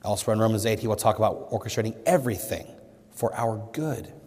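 A pastor preaches an earnest sermon, his voice rising emphatically whenever he quotes scripture. He speaks quickly in a lowish, darkish voice, and a hall's long reverb surrounds him.

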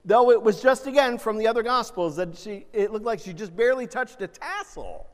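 A man preaching a sermon, animated, swinging between loud emphasis and soft, gentle asides. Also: high voice, a little fast. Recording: long reverb of a large hall.

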